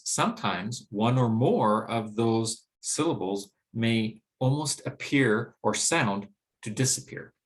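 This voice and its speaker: A man teaching English pronunciation in a recorded lesson, explaining clearly and saying example words slowly and deliberately. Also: mid-range voice.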